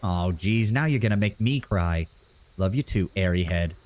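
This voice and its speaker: A man playing a cheerful young elf woman in a game, pitched above his usual voice. She banters and teases. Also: expressive, normal speed, a little mellow, a little hiss or hum. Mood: teasing.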